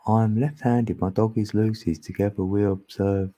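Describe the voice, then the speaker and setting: A man's voice: lowish voice, steady tone, normal speed, dark tone. A man with a Cockney accent from East London, chatting casually on a livestream, reading chat and chuckling. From England. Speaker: livestream host.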